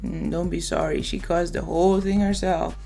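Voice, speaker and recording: Gravelly-voiced woman giving emphatic commentary. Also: lowish voice, moderate pace, over music. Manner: emphatic, opinionated, lively asides. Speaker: reaction video host. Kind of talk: reaction commentary.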